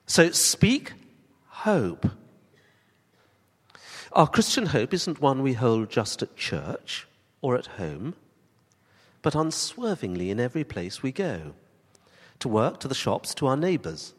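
A man preaching a sermon to his church congregation, swinging from emphatic rising questions to slow, soft emphasis. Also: medium pitch, sing-song, husky, long reverb tail. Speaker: pastor.

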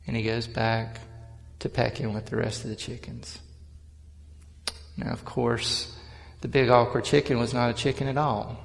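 A pastor delivers a sermon with an earnest, conversational touch. His voice is gravelly and sits at an ordinary middle pitch for a man. The long reverb of a large church hall trails behind every phrase. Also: level tone, moderate pace, pauses often, soft background music. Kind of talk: sermon with prayer and storytelling.

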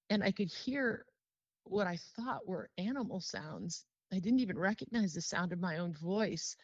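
Woman telling her testimony in an interview, heartfelt and close to tears, slows down on the heavy parts, lowish voice, dry dull sound. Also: no echo. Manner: earnest and heartfelt, slowing down on solemn phrases. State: emotional, near tears. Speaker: interview guest.

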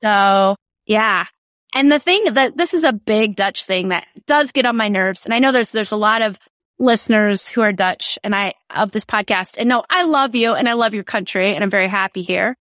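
A woman chatting casually on a podcast, telling stories with animated, expressive delivery. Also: mid-range voice, normal speed, no echo, studio quality. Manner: animated storyteller, acts out quoted voices. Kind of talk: casual conversation.

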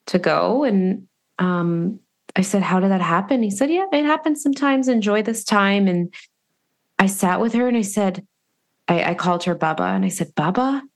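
Earnest woman telling a personal story. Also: mid-range voice. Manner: earnest, reflective, with many pauses and restarts. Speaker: podcast host.

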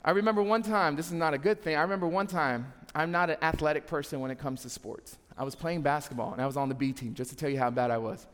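A young adult man preaches a sermon as pastor, telling funny stories and speaking directly to the congregation. His voice is a little high and a bit bright, moving at a quick pace with few pauses, and the hall adds a long reverb.

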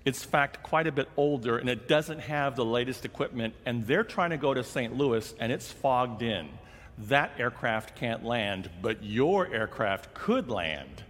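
A man's voice: mid-range voice, animated, unhurried, fairly bright tone. A man voicing a young male airline gate agent in a sermon story, making his announcements and then stammering nervously. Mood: announcing. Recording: long reverb of a large hall.

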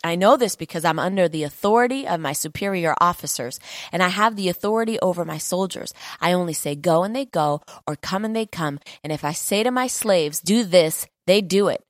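A woman preaching a fervent, conversational sermon, repeating key lines for emphasis and often pausing on fillers. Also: on the low side, lively intonation, dry recording, clean studio sound.

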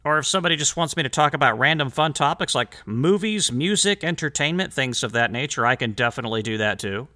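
A chatty man hosts a solo podcast with a bright, forward voice. He drifts into wry asides between readings. His pitch sits in the middle range for a man. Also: expressive, fast, few pauses. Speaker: podcast host. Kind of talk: solo podcast talk reading historical letters aloud.

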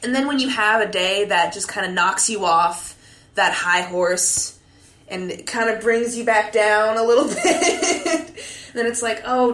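A young woman hosting a podcast, telling a story in a candid, profane, animated way, a few drinks in. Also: mid-range voice, roomy sound. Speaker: podcast host. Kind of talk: casual monologue.

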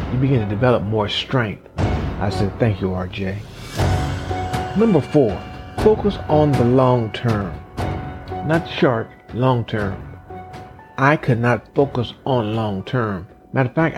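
A man giving a slow, deliberate motivational talk, counting off numbered points with emphasis. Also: medium pitch, darkish tone. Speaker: motivational speaker.

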